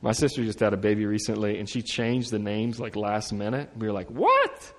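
A man preaching a sermon as pastor, talking in a casual, lively way with asides and humor. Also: on the low side, brisk, long reverb tail.

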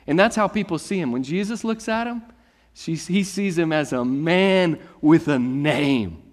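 A man preaching a sermon, reading scripture and then explaining it in a lively, conversational storytelling way. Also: on the high side, a little slow, in a large hall. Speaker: pastor.

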